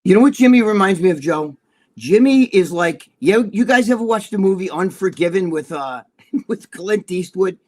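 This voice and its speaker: A man's voice: high voice, expressive, normal speed. An older man with a New Jersey accent, co-hosting a casual live show, telling rambling, profane stories. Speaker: co-host. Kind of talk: casual livestream chat.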